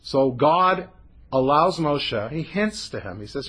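Guy with a slightly high husky voice leading a torah study class, lively, mixing in hebrew words. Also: slow pace. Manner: animated, mixes Hebrew terms into explanation. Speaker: Torah teacher.

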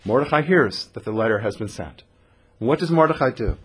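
A rabbi teaches a Torah class to a group, his mid-range, husky voice animated and a little fast. He tells the story by acting out the characters' lines and quizzing his listeners with questions.

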